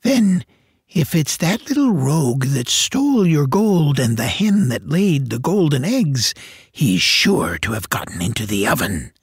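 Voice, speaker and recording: A man's voice: on the high side, big pitch swings, a little slow, slightly rough, no room sound, clean studio sound, exaggerated voice. A man voicing a fussy giant's wife who chides her husband in a sing-song way, in a storybook reading. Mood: coaxing. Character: fussy, scolding giant's wife, middle-aged.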